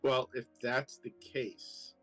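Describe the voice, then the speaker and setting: Man, tabletop player, mid-pitched, joking, chatty. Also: level tone, takes it slowly, a bit bright, soft background music. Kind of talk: playing a tabletop game.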